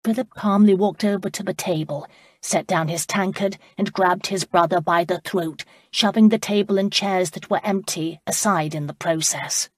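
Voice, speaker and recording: Steady female audiobook narrator, husky timbre, dry close-mic sound. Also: lowish voice, normal speed, dry recording. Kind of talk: scripted narration.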